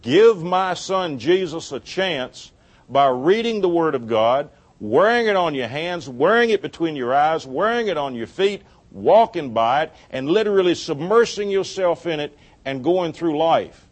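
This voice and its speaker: A middle-aged man preaching a sermon, telling a personal story with lively quoted dialogue and laughing at his own jokes. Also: a little high, unhurried.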